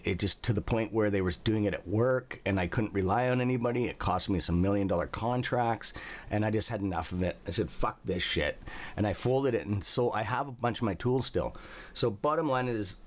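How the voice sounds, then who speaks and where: A man hosting a livestream, telling rambling stories with a lot of profanity. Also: fairly low pitch. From Canada. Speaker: livestream host. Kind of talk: casual livestream chat.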